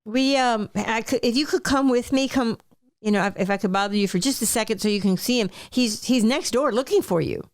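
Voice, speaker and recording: A woman playing her character in a tabletop game, chatty and hesitant, quick to laugh. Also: fairly high pitch, no room sound, studio quality. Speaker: player.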